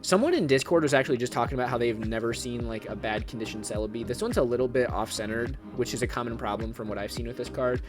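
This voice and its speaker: Man, casual vlog, excitable, chatty, prone to loud shouts, mid-pitched, music playing underneath. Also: fast, few pauses. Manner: excitable, bursts into loud shouting at good pulls. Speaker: card collecting YouTuber.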